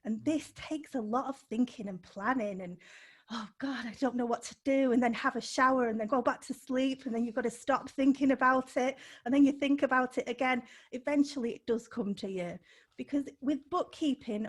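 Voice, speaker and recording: A woman's voice: fairly high pitch, moderate pace. A woman business coach, a guest on a podcast interview, talking unscripted in an upbeat way, laughing between points and stressing key words.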